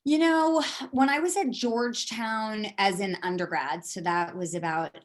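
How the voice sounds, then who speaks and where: A woman's voice: mid-range voice, unhurried. A middle-aged woman from San Francisco, a board candidate, answering questions on a video call in a rambling way, with many fillers and restarts. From San Francisco, USA. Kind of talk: casual answers in a video meeting.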